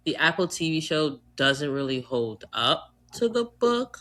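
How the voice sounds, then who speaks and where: Bright-voiced Trinidadian American woman. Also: low voice, unhurried. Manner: animated, joking, swears freely. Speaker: podcast co-host. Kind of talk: casual chat.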